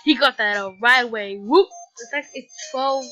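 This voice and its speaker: A woman hosts casual gameplay commentary in a hushed, giggly way, trying to stay quiet at night. Her voice is high and bright. The sound is muffled, with faint game music behind. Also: moderate pace. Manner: soft-spoken, giggly, hushed so as not to be loud at night. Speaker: gaming channel host. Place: home at night.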